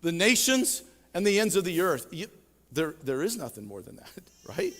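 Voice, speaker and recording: A male pastor preaching a sermon, with emphatic swells and sudden quiet drops. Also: fairly high pitch, huge pitch swings, moderate pace, big-room sound. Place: church sanctuary.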